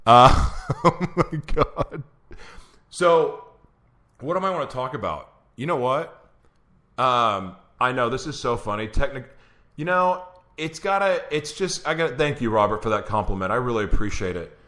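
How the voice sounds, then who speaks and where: Male host, bright tense tone, chatty, laughing, voice wearing thin, speaking into a computer mic on a video call. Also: mid-range voice, expressive, moderate pace. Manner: chatty, laughs often, reads an intro aloud. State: losing his voice. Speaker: show host. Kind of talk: live-streamed show, casual chat.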